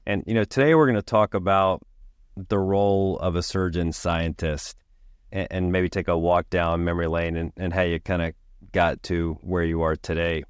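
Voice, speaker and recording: A man's voice: low voice, steady tone, moderate pace, smooth, no room sound, studio quality. A man hosting a medical podcast, introducing the show and his guest in an upbeat, welcoming way. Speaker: podcast host. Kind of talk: podcast host introduction and interview.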